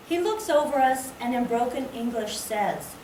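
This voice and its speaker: Woman poet, unhurried lyrical reading at a library event, echoey far-off sound. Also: on the high side, a little mellow. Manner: slow, measured, lyrical delivery. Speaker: poet reading her work. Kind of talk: poetry reading. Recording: echoey room, distant mic, background noise.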